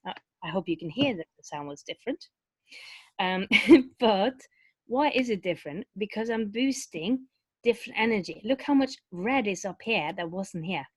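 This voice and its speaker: A woman's voice: medium pitch, lively intonation, moderate pace, a little mellow, breathy edge, no echo. A woman vocal coach explaining vocal technique in a webinar, talking loosely with many fillers and restarts. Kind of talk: webinar teaching with sung demonstrations.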